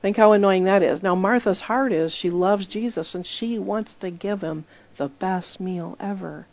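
A woman's voice: medium pitch, normal speed, darkish tone, muffled recording. A woman preaching in a conversational sermon style, telling stories emphatically and acting out the voices she quotes.

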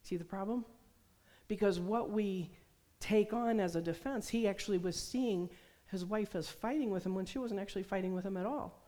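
A woman's voice: medium pitch, normal speed, warm tone. A middle-aged woman preaching a sermon, telling stories and acting out the voices she quotes. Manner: storytelling, acts out quoted voices. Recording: long hall reverb.

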